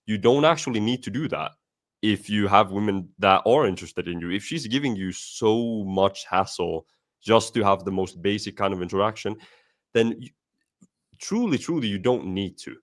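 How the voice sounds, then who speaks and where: A man's voice: lowish voice, expressive, moderate pace. A man hosting a casual podcast chat, emphatic, often calling his guest "bro".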